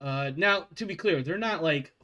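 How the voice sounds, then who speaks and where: A man running a tabletop roleplaying game, with a somewhat high voice. He narrates casually, with a loose, rambling flow and self-deprecating asides. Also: animated, normal speed, pushed and bright, lo-fi sound. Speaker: game master.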